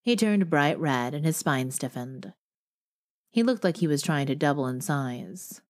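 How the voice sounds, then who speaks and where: A woman narrating a romance audiobook in a steady first-person storytelling manner. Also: deep voice, normal speed. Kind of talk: scripted narration.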